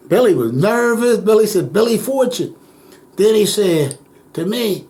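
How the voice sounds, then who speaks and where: Older man, high-pitched voice, animated oral history storyteller, chuckling. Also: moderate pace. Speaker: interviewee.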